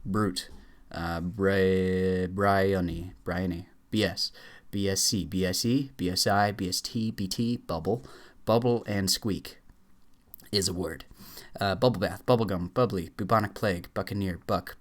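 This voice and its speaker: A man's voice: low-pitched, steady tone. Man rattling off dictionary words. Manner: rattles off words in quick lists, stumbles and fillers. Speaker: YouTuber. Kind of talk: rapid dictionary read-aloud challenge.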